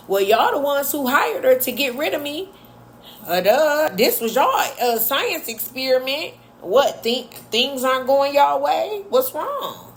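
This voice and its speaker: A woman's voice: fairly high pitch, sing-song, a little slow, a little hiss or hum. A woman telling a workplace story in a casual, blunt and chatty way, with sarcastic asides. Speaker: vlogger.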